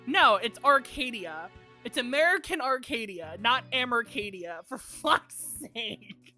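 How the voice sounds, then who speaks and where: Casual woman gamer, lively high voice, chatty and swearing, faint game music under it. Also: slow. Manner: chatty, swearing, joking asides. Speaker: streamer.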